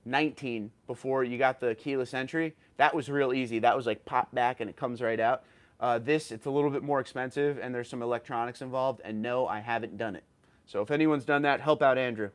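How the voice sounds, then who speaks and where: A man's voice: mid-range voice, smooth. Tired man hosting a truck livestream. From New York. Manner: chatty, reads chat messages aloud and replies; tired from little sleep, stumbles over words. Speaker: livestream host reading viewer comments. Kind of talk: casual livestream chat.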